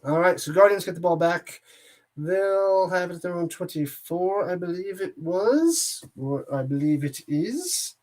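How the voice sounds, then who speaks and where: An excitable man calls a football game play by play for a watch-party stream. He is loose and joking, drifting into asides between snaps and shouting when a big play lands. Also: high voice, a little slow. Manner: jokey and excitable, rambles between plays. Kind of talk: casual play-by-play commentary.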